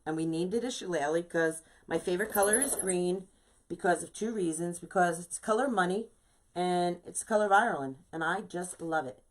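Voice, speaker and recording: Speaking at normal speed in a voice on the low side, a woman with a New York accent hosts a relaxed live wreath-making stream from her craft shop. She chats with viewers and peppers her talk with "you know," though the recording quality is low.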